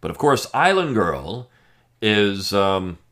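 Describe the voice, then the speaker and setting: Male podcast host, lowish voice, swooping lively intonation, sarcastic, emphatic. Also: takes it slowly. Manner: emphatic, sarcastic, with frequent fillers. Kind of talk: opinion commentary monologue.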